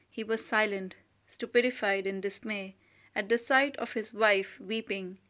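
A woman reading a short story aloud as an audiobook narrator, steady and measured. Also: medium pitch. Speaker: audiobook reader.

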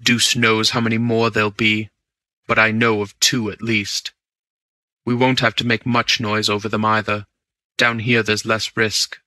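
Guy reading a calm gentleman thief, low murmur, bright crisp tone, dry sound. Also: no room sound. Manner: low, hushed, measured. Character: cool, confident gentleman burglar, male adult. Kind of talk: audiobook character reading.

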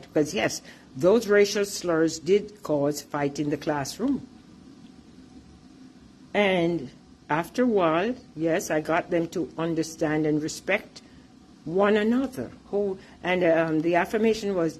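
A woman's voice: fairly low pitch, measured pace, slight background noise. A middle-aged woman with a Jamaican accent, an earnest and emphatic teacher and artist giving a presentation about her artwork.

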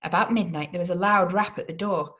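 A woman's voice: fairly low pitch, brisk, fairly bright tone. Woman dramatically reading a gothic novel. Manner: dramatic reading with occasional slips. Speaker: read-along host.

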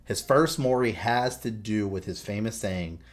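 Man, low-pitched, podcast co-host, casual chat, animated and profane. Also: a little slow.

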